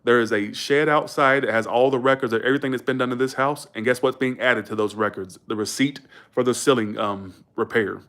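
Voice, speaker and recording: A man from Georgia with a Southern accent, chatting bluntly and quickly to his livestream viewers, swearing freely. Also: mid-range voice, steady tone, a bit bright. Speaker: livestream host. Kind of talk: casual livestream chat.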